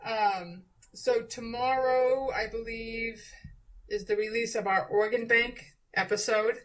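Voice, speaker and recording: New lady gabbing with her cohost, bright and a little high, laughs at herself a lot. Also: fairly even intonation, slow, poor audio. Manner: chatty, self-deprecating, laughing. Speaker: podcast co-host, nurse. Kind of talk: casual chat.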